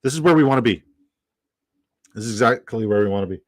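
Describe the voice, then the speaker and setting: A man's voice: medium pitch, animated, fast, no echo. A man from Canada hosting a live stream in casual chat, rambling, swearing and repeating himself.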